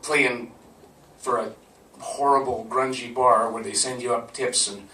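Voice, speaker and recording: A man's voice: medium pitch, fairly even intonation, a little slow, bright, forceful tone, slight background noise. A man telling a personal story to a live audience in a conversational, laughing manner. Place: live event venue. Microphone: camcorder from a distance. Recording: roomy, from far off.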